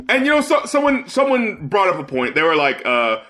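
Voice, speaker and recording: High, lively man ranting on a podcast. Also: a little fast, a little hiss or hum. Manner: heated, profane, rising to shouts. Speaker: podcast co-host. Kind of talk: casual chat.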